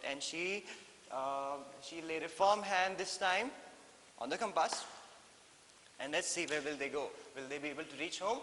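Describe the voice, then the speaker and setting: A male English teacher with an Indian English accent talks through a story in an animated, repetitive way, slipping into Hindi now and then. His slightly high voice sits in an echoey room with long reverb and a faint hiss. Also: moderate pace. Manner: animated, mixes in Hindi, many fillers and repeats. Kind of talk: classroom lesson explaining a story.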